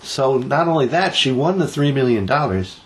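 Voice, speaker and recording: A man's voice: mid-range voice, animated, moderate pace. A man co-hosting a casual podcast, joking his way through odd news stories with plenty of teasing. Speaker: podcast co-host.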